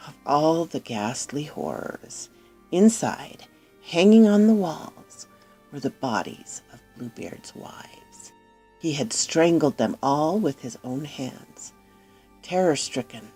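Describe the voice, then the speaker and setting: A woman narrating a dark fairy tale in a low, gravelly voice. Her pitch moves in lively swings, and she drops into hushed whispers. The voice carries a husky grain. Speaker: storyteller. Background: faint music.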